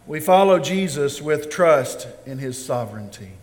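Slow, emphatic male preacher in a hall. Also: on the high side, lively intonation. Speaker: pastor. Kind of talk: sermon. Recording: long reverb of a large hall.

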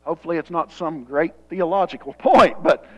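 Male pastor, Southern US accent, high-pitched, repetitive and emphatic sermon delivery with hushed prayer. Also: fairly quick, highs cut off. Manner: swings from emphatic raised passages to hushed, low prayerful tones; repeats phrases for emphasis. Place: church sanctuary.

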